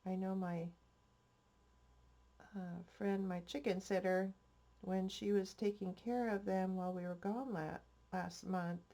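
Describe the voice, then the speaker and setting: A woman's voice: mid-range voice, fairly even intonation, a little slow, mellow. An older woman hosting a crafting vlog, chatting in a rambling, homespun way, a bit stuffy-nosed. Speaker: crafting channel host. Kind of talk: casual crafting vlog chat.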